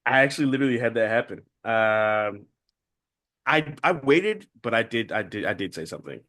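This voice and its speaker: A man co-hosting a podcast, relaxed and easygoing, retelling stories in casual chat. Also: medium pitch, normal speed, dry recording, studio quality. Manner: relaxed, retells stories with quoted voices, laughs easily. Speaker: podcast co-host.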